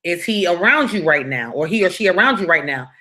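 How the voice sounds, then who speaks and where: A woman quoting a calm police officer. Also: mid-range voice, a little fast, voice pushed down. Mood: careful. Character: calm police dispatcher on the phone.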